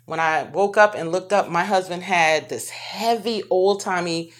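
A woman with a deep, low voice recounts her own experience to her viewers. She speaks in an emotional, halting way, often breaking off and starting her sentences over. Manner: halting and emotional, with many restarts. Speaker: vlogger telling her own story. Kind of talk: personal testimony to camera.

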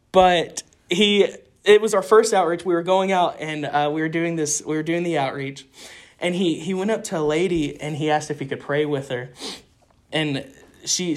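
Earnest young man telling ministry stories. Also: a little high. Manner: earnest, animated, frequent restarts. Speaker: street evangelist guest. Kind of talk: casual interview storytelling.

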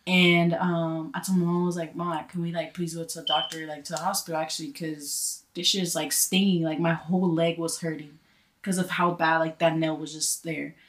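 A young woman, a guest on a chat show, telling a story in a casual, animated way, full of fillers and swearing. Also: low voice, brisk. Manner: animated, profane storytelling with lots of "like".

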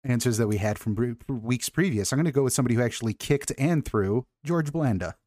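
Mid-voiced male host from Chicago, friendly and quick with jokes. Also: mid-range voice, animated, darkish tone, no room sound, studio quality. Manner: friendly, wisecracking. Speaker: podcast host. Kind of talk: casual sports chat.

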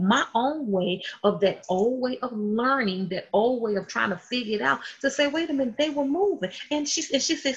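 A woman preaching a sermon with animated delivery, acting out the people in her stories. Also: on the high side. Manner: animated, acts out quotes in voices. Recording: dull lo-fi sound.

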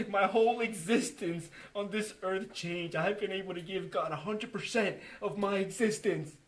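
A man giving an emotional personal testimony to a church group, earnest and full of restarts, acting out his own and others' remarks as he tells the story. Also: high voice. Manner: emotional, earnest, with many restarts and quoted dialogue.

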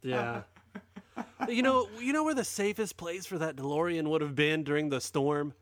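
Male co-host, expressive pitch, sarcastic and profane, dead-dry room. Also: moderate pace, no room sound. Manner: lively, sarcastic, swears freely. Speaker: podcast co-host. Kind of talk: casual movie chat.

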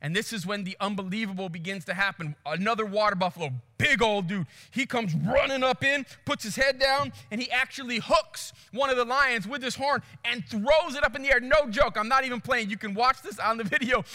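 A man preaching a sermon, telling a story with animated swings from hushed to loud before reading scripture. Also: very high voice, fairly quick, hardly any pauses, long reverb tail. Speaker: pastor.

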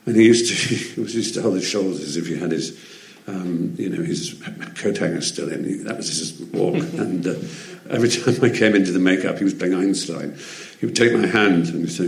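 An English interview guest tells theatrical anecdotes articulately, though with frequent ums. His voice is lowish and fairly quick, with some vocal fry. Crowd noise and a roomy echo fill the recording.

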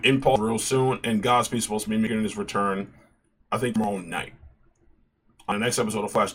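Man, bright husky voice, passionate casual commentary, repeats himself. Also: lowish voice. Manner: passionate, animated, with frequent restarts and repeated phrases. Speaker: YouTube commentary host.

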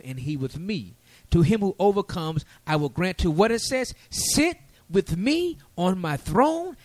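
A man preaching a sermon, lively and folksy with casual asides. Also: on the high side, no room sound.

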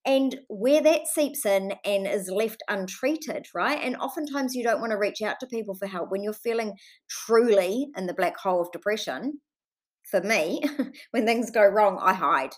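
A woman with a New Zealand accent hosting a solo podcast, talking in an earnest, impassioned way, swearing freely and speaking fondly to her listeners. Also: medium pitch. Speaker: podcast host.

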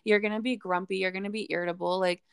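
A woman's voice: mid-range voice, fairly even intonation, fast talker, gravelly, clean tone, no room sound, clean studio sound. A young woman hosting a podcast, talking in a casual, blunt way and swearing freely. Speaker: podcast host. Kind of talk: casual chat.

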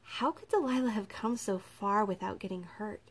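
A woman narrating a novel as an audiobook reader, in an even, clear reading voice. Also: mid-range voice, normal speed.

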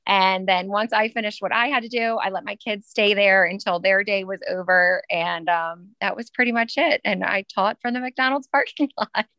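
A woman's voice: medium pitch, moderate pace, hardly any pauses, bright, forceful tone, no room sound. A woman in her thirties, a schoolteacher guest, telling a story in a chatty way full of fillers. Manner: chatty, many fillers, laughs while telling. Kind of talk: casual storytelling.

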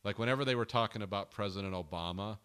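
A man's voice: on the low side, fast, a bit bright, smooth. A man co-hosting a casual film podcast, talking in a rambling, hesitant way that often trails off. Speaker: podcast co-host.

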